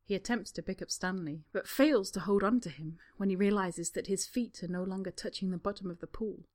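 A woman narrating a story in a calm, even reading voice. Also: medium pitch, brisk. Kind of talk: storybook reading of fan fiction.

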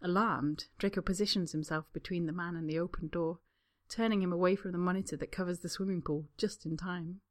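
A woman narrating a story in a calm, even reading voice. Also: fairly low pitch, fairly quick. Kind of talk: storybook reading of fan fiction.

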